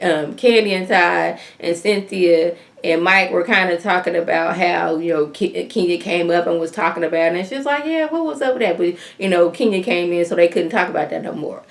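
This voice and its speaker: A woman giving a casual, chatty recap of a reality TV episode, filling her talk with "like" and "um" and acting out what people said. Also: lowish voice. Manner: chatty, acts out other people's lines in quotes; leans on fillers like "like" and "um". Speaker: reality TV reviewer.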